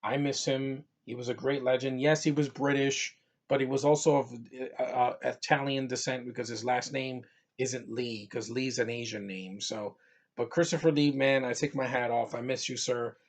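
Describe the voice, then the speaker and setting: A man's voice: medium pitch, steady tone, moderate pace. A man from New York giving a casual, rambling movie review, full of fillers and restarts.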